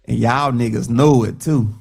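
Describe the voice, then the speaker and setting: A man's voice: mid-range voice, unhurried, creaky, darkish tone, husky, soft background music. A man casually reacting to a song on a live stream, loose and profane, repeating phrases as he talks.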